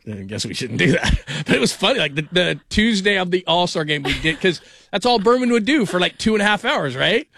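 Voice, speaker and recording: A man's voice: sits high, expressive, fairly quick, gravelly, bright, forceful tone. A man hosting a sports radio show in a casual, rambling, self-deprecating way, laughing often.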